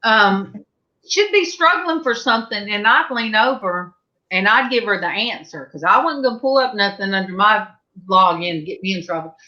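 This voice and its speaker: A woman's voice: mid-range voice, animated, moderate pace, pushed and bright. A middle-aged woman with a Southern US accent, hosting a casual panel chat and telling rambling stories full of fillers. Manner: chatty storyteller, many fillers and restarts. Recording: dull lo-fi sound.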